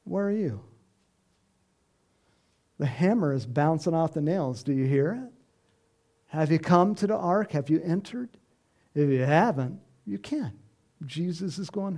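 A middle-aged man preaching an informal sermon, animated and chatty, acting out voices and chuckling as he speaks to the congregation. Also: fairly high pitch, unhurried, long pauses. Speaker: pastor.

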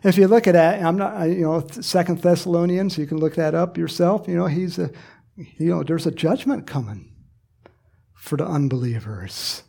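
A man preaching a sermon to his congregation, animated and emphatic, joking with people in the pews. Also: on the high side, moderate pace, gravelly. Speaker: pastor.

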